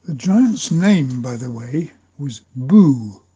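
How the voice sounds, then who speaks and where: An older grandfather reads a children's story aloud, very slow and deliberate. His voice is husky and very dark and mellow, and he sounds gentle and unhurried. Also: mid-range voice, animated. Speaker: grandfather reading a family story.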